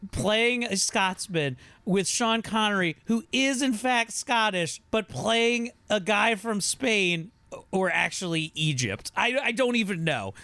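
A man with a fairly high, bouncy voice rambles through a movie, swearing and laughing as he goes. The sound is close and dry. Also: bright, forceful tone, no room sound. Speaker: podcast host. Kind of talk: casual movie commentary.

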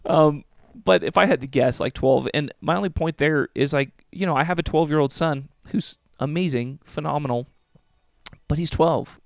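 A man in his thirties hosts a solo podcast, his voice sitting a little higher than most men's. He talks earnestly and gets moved by his own words, leaning on fillers and tag questions. The sound is dry, with no room echo. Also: moderate pace, gravelly. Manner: earnest, emotional, filler-heavy with frequent "okay?". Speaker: podcast host. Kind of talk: solo podcast talk about faith. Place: alone in a room.

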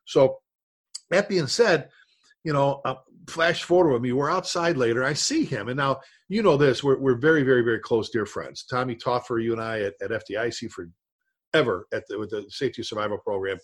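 A man's voice: mid-range voice, brisk, breathy edge. A middle-aged man, a firefighter and instructor, telling a story in casual chat, acting out voices and saw noises.

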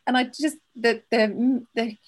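A woman's voice: fairly high pitch, steady tone, slow pace. A woman co-hosting a podcast, chatting candidly and reading a listener's letter aloud, laughing often. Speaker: podcast co-host.

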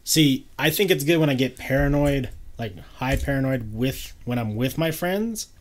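A man's voice: medium pitch, lively intonation, moderate pace. A man hosting a casual chat, laid-back, laughing often and telling loose stories.

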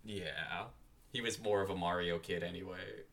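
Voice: deep voice, steady tone, normal speed, a bit bright. A young adult co-hosting a casual podcast, recapping a drama with playful jokes and frequent laughter. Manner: playful, jokey, laughs a lot. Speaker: podcast co-host.

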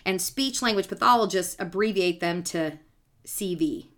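A woman's voice: lowish voice, expressive, normal speed, a bit bright. A woman speech-language pathologist co-hosting a podcast, explaining technical terms in a patient, teacherly and playful way. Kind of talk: casual explanatory chat.

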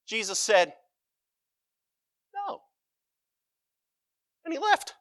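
A man preaching with a bright, high voice that swings widely as he retells scripture. He takes his time, savors the humor, and acts out the quotes. The sound is close and dry. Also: a little slow, dry recording. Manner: animated storytelling, acts out quotes, finds scripture funny. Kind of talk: sermon with Bible reading.

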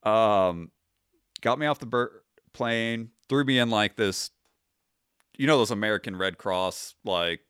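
Speaking at a slightly slow pace, this man has a fairly low, smooth, somewhat bright voice, captured in studio quality without echo. He's in his thirties, a retired Army sergeant appearing as a podcast guest, and he recounts his experiences casually, wryly and with profanity, acting out his own past remarks in a storytelling interview.

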